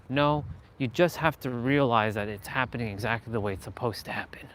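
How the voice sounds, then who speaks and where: A man's voice: medium pitch, a little fast, few pauses. Motivational vlogger, male, talking emphatically while walking outdoors, faint street noise. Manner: earnest, emphatic, repeats phrases.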